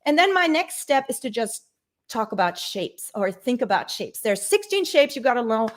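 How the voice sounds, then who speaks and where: A woman teaching bass in a live-streamed lesson, talking informally and laughing easily as she answers viewers. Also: sing-song, moderate pace.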